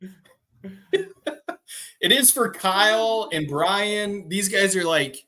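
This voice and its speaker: A man's voice: high-pitched, takes it slowly, pushed and bright. A man co-hosting a casual farm podcast, telling a story animatedly and acting out quotes. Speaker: podcast co-host.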